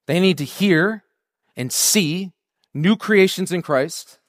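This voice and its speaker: A man's voice: sits high, slow pace. A man preaching a sermon, conversational and joking at first, then building into fervent, rousing prayer.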